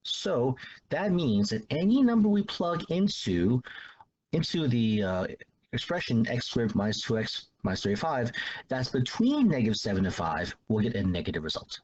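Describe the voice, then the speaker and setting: A man's voice: medium pitch, very animated, normal speed, a little mellow, husky, lo-fi sound. A man teaching a math lesson in a casual, loose way, repeating himself as he explains. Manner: loose, repetitive explaining with restarts and fillers.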